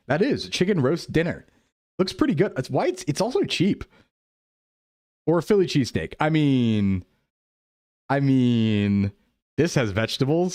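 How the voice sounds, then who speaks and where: A man's voice: medium pitch, a little mellow, no room sound, studio quality. A man streaming casually, thinking aloud and joking with his chat as he plays a guessing game. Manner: playful, jokey, thinking aloud. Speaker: VTuber streamer.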